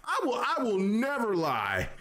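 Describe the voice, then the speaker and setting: A man hosting a casual gaming podcast, loud and joking, repeating himself as he banters. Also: high-pitched, wildly swooping pitch, a little slow. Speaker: podcast host.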